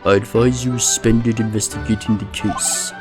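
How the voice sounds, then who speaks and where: A man voicing a stern, aloof nobleman who gives slow, clipped advice. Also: fairly low pitch, little pitch movement, lightly acted. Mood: cold. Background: game music.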